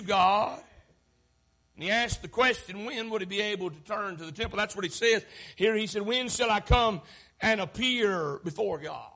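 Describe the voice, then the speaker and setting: A man preaching a sermon, impassioned, building to shouts and dropping low again. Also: expressive, moderate pace.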